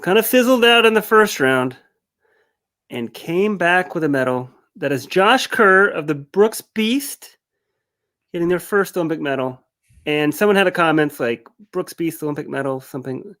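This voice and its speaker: A man co-hosting a casual sports recap, talking in a lively, animated way. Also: a little high, moderate pace. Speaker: co-host.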